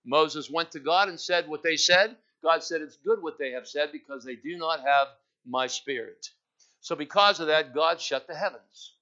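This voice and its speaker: High-voiced fervent preacher man. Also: normal speed. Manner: building to loud fervent peaks, calls to congregation. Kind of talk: sermon. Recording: dull lo-fi sound.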